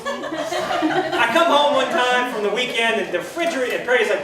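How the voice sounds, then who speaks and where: A man with a drawl tells rambling stories at a party roast and keeps laughing through them. His voice sits high. He is heard from far off in a booming hall, with a crowd around him. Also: normal speed. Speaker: roast speaker telling stories. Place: large hall at a birthday party. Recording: echoey hall, distant mic, crowd noise.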